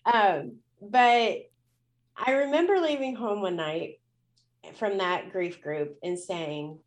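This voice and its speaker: A woman's voice: medium pitch, animated, slow. Candid woman telling a personal story. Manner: candid, emotional, many fillers. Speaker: guest.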